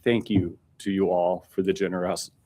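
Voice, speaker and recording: A former city worker thanking the council at public comment, earnest and a little choked up, in a council chamber. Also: male voice, low voice, level tone, moderate pace, dark tone. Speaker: former public works supervisor speaking at public comment.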